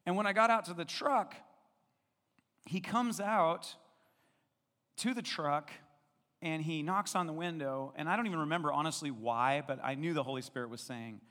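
A man's voice: a little high, expressive, normal speed, sharp tone. A male pastor telling a personal story in a sermon, conversational and self-deprecating, acting out the dialogue as he goes. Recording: long reverb in a large hall.

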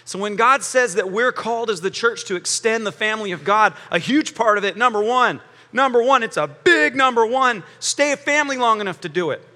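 Man, pastor, sermon, high voice, joking animated delivery, echoing hall. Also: fairly quick, hardly any pauses. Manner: animated, joking preaching with acted quotes. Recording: long hall reverb.

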